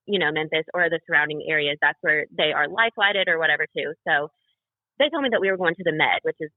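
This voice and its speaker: A low-voiced young woman guests on a podcast and tells a rambling personal story, heavy on fillers, in which she mimics what others said. The casual interview has a dry, tinny, phone-like sound.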